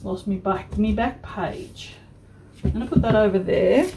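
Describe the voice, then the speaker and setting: A woman's voice: mid-range voice, unhurried, creaky, very noisy. A woman vlogger chatting frankly while she works on a craft project, with mild swearing and many restarts. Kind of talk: casual chat while crafting.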